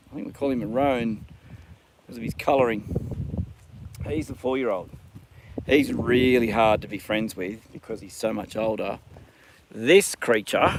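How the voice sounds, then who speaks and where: Casting: Aussie guy, middle pitch, chatty-ranty phone livestream from a paddock, noisy outdoor audio. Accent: Australian. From Australia. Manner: ranting, then chatty with the horses. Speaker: livestream host. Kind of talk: casual live stream chat.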